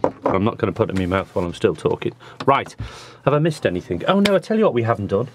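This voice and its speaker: A man's voice: on the low side, very animated, fast talker, background noise. A man with a Liverpool accent hosting a music show from a studio, chatting and joking casually. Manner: jokey, chatty banter. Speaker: show host.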